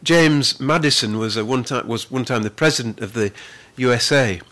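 A man preaches a sermon as pastor in an earnest voice of medium pitch that is a bit bright. He often repeats words and slows down to stress the scripture he reads.

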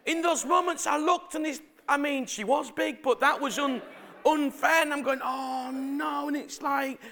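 A middle-aged man preaching a sermon, telling family stories in a chatty, animated way and asking the congregation questions. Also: very high voice, normal speed, gravelly.

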